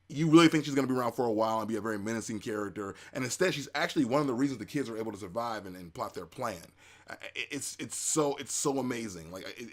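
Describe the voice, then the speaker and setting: A man hosting a casual spoken review, excitable and rambling, with many fillers and restarts. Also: mid-range voice. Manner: acts out reactions in quoted asides. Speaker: anime reviewer, show host.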